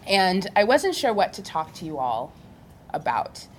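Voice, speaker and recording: Animated woman telling a story. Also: lowish voice, unhurried, slight background noise. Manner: animated storytelling, laughing often. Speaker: physical therapist on a panel. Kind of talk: live panel talk.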